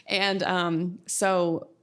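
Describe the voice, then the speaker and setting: Soft-pitched woman telling stories. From Oklahoma. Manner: reflective, many um fillers, laughs while telling stories. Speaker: podcast guest, music professor. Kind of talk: casual interview storytelling.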